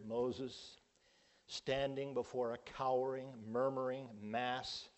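A middle-aged male pastor delivers a sermon at an unhurried, deliberate pace. His pitch sits at an ordinary middle level. He presses on key words, often swelling suddenly louder. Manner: slow, emphatic preaching with sudden loud rises.

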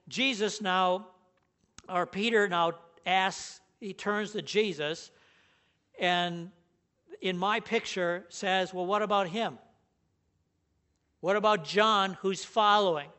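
High-voiced earnest male preacher. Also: slow, pushed and bright. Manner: earnest, emphatic, stresses key words. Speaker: pastor. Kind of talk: sermon.

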